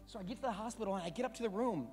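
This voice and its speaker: A man preaching a sermon as pastor, telling a story with passion, repeating phrases and building to shouts. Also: high voice, very fast. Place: church sanctuary. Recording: long hall reverb, faint music.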